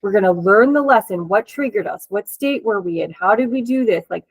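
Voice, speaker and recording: A woman's voice: mid-range voice, lively intonation, fairly quick, no room sound, rough recording. A woman hosting an interview and chatting casually as a coach, with a chatty, laughing manner and many fillers. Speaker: host and coach.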